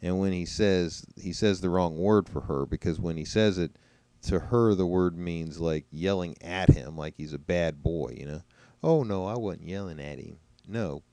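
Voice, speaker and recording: This commentator muses over replayed trial clips in a conversational way, now and then mocking what he hears with imitations. He has a deep, slightly mellow, clean voice at normal speed, captured in a dry recording.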